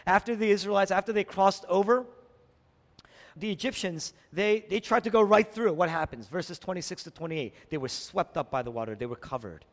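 A male pastor preaching a sermon, asking rhetorical questions and swinging from emphatic peaks to low, quiet lines. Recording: long hall reverb.

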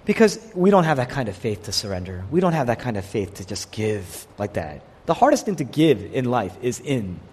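A man preaching a sermon, delivering it in an animated way and voicing the people he quotes. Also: medium pitch, brisk, few pauses, slightly rough. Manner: animated preaching, quotes figures in voiced asides. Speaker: pastor. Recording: long hall reverb.

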